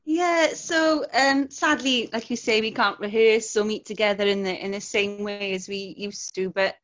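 A chatty woman tells her stories with a lively, laughing manner. Her voice sits at an ordinary middle pitch. The recording is dull and lo-fi. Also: normal speed. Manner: chatty, laughs often, animated storytelling. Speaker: guest, historical interpreter. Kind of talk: casual interview chat.

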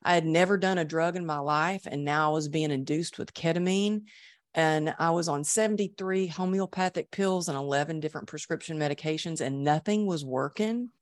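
A woman's voice: sits low, fairly quick, dry recording. A middle-aged woman telling her recovery story in an interview, earnest and emotional, with frequent restarts. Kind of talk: candid interview conversation.

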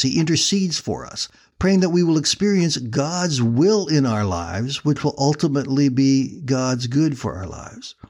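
A man preaching a sermon, telling a story in an earnest, steady way before drawing the lesson. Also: medium pitch.

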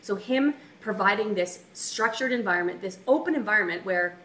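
A woman co-hosting a marriage talk, telling personal stories in a casual, animated way. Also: mid-range voice. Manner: animated, talks through stories with quick asides. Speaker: marriage coach co-host. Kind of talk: casual chat, personal storytelling. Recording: echoey room with faint noise.

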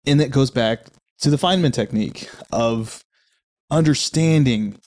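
A man talks through a book he loves in a loose, reflective way. His voice sits at an ordinary pitch, and he often restarts his sentences mid-thought. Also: a little slow, darkish tone. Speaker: book reviewer. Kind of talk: casual book commentary.

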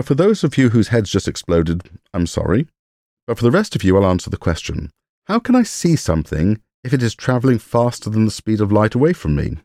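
A man's voice: lowish voice, warm tone, no room sound. A man hosting a podcast, reading a scripted science explainer with dry humor and jokey asides. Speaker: podcast host.

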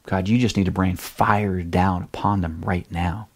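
A man's voice: sits low, steady tone, a little slow, pitched below the performer's own voice. A man voicing a biblical prophet in a sermon, talking in casual modern slang and arguing with God. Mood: indignant. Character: biblical male prophet, eager then stubborn and indignant.

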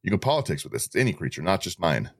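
A very deep-voiced man chats casually on a podcast, often restarting his sentences and repeating words as he thinks aloud. The recording is dry and close, with no room sound at all. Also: sing-song, no room sound. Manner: halting, repeats words, talks through game strategy. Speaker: podcast co-host. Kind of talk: casual group chat about a card deck.

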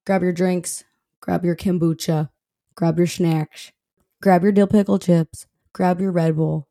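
Gravelly young woman podcast host. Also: lowish voice, a little slow. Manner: chatty, animated, swears casually. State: recovering from covid, coughing. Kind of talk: casual storytelling monologue.

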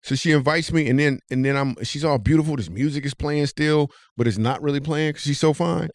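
A man hosting a podcast, telling a comic story with animated delivery. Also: a little fast, dry recording, studio quality. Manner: animated, jumps high when telling the punchline. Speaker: comedian and podcast host.

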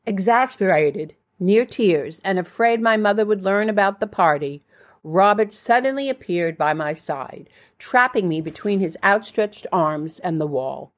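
An older woman narrating her own memoir in a plain, steady storytelling way. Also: mid-range voice, a little slow.

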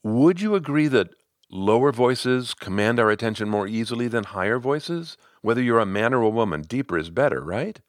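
A man reading the lines of a curious woman team leader, voiced as an eager, lightly playful questioner in his own deep voice. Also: animated, moderate pace, no room sound, clean studio sound, close to an everyday voice.

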